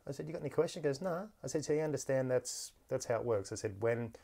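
A man's voice: mid-range voice, quick pace, vocal fry, warm tone. Chatty man telling stories. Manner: chatty storyteller, laughs easily, many restarts. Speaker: podcast host. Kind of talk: casual interview chat. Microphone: podcast microphone.

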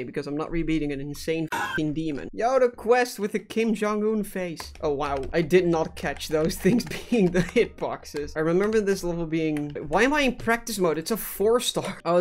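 Chatty young man, sarcastic gaming commentary. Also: sits high. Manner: sarcastic, swearing, laughs often. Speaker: gaming YouTuber. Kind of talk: casual gameplay commentary.

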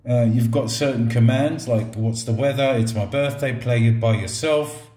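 A middle-aged man casually reviewing a toy robot at a table, relaxed and joking, talking to it like a pet. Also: medium pitch, normal speed, roomy sound. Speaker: product reviewer. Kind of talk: casual product review vlog. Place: indoors at a table or counter.

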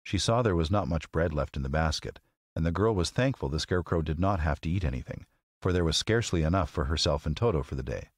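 A man narrating a classic children's story as an audiobook, with an expressive, measured reading. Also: extremely low pitch, no echo, clean studio sound.

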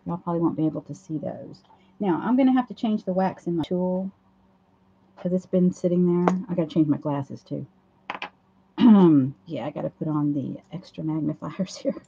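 A hoarse woman hosts a casual craft livestream, chatting through each step as she works at a home craft table. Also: on the low side, slight background noise. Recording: dull lo-fi livestream audio.

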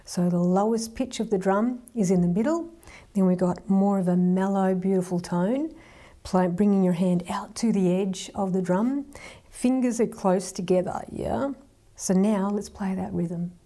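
A woman teaching hand drum rhythms, calmly counting out strokes and hand patterns. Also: mid-range voice, unhurried. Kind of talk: hand drumming lesson.

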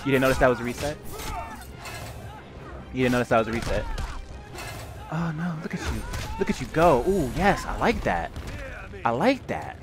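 A man trash-talking his opponent while commentating a fighting game, loud and profane, mocking him with repeated taunts. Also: medium pitch, very animated, moderate pace, long pauses, music in the background. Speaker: gaming video host and player.

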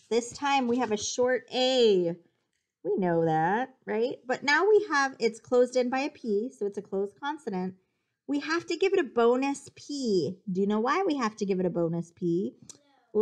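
A woman teacher giving a spelling dictation lesson, patiently sounding out syllables and explaining the rules. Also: mid-range voice.

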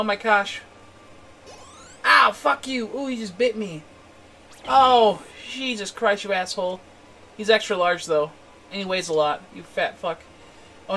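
A young man giving let's-play commentary, excitable and swearing a lot, chatting to the creatures on screen and yelling at surprises. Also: high voice, slight background noise. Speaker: game streamer.

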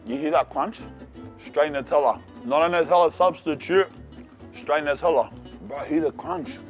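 An Australian man reviewing food in a casual vlog, talking in an excitable, slangy way. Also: fairly high pitch, moderate pace, soft background music. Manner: slangy and excitable, calls the viewer "cuz". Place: cafes and city streets.

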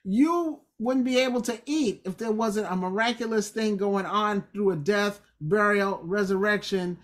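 Casual, emphatic woman leading a Bible study at an ordinary pitch. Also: measured pace. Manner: conversational, emphatic, acts out quotes. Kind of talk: informal Bible teaching.

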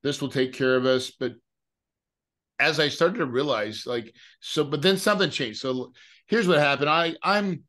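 On the high side and fairly bright, this middle-aged man speaks at a normal speed as a podcast guest. A real estate investor, he shares an emotional personal story casually, frequently repeating words and tossing in "right?".

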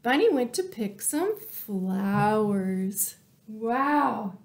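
Slow, animated storytime librarian woman. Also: medium pitch, vocal fry. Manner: animated, slow and expressive, asks the children questions, drops to whispers. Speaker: children's librarian. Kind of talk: children's storytime reading.

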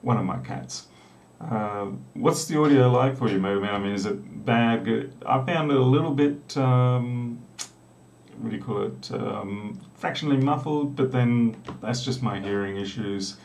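With a mid-range, creaky, slightly mellow voice and a measured pace, a middle-aged South Australian man chats casually during a live coding stream. He's a programmer with an Australian accent who rambles and makes joking asides. The sound comes from a distant mic in a small, echoey room with a door.

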